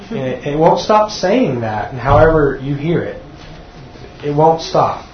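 In a dull, echoey room recording, a man with a slightly high voice teaches a sermon to a church class, very animated yet unhurried. He's earnest and often repeats words as he restarts.

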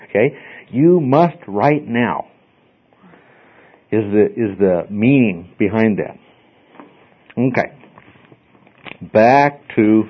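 A man's voice: lowish voice, husky. A man teaching a classroom lecture, explaining step by step and often asking "okay?" to check in with his students. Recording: slightly dull lo-fi recording.

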